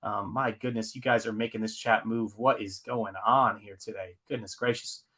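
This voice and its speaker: A man's voice: on the low side, steady tone, moderate pace, pushed and bright. A man hosting his own live stream as a comic artist. He chats casually and rambles, reading viewers' comments aloud with lots of fillers.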